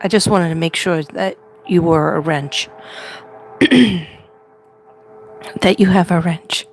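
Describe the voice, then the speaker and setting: A woman's voice: on the low side, slow, vocal fry, a little hiss or hum. Chatty woman livestreaming from home. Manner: chatty, rambling, laughs often. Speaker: livestream host. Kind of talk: casual livestream chat.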